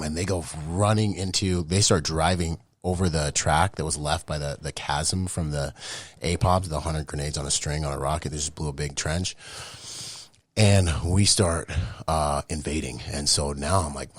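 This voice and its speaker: A man in his late thirties with a very low, deep voice tells his story casually, in slang. He jumps into animated voices and sound effects as he goes. The recording is close and dry, with no room sound. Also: no echo. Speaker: podcast guest, Marine veteran.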